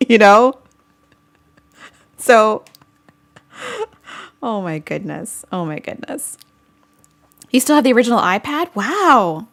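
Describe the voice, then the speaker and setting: A woman's voice: mid-range voice, lively intonation, slow, pauses often. A woman vlogger hosting a casual live-stream chat, chatty and giggly as she answers viewer comments.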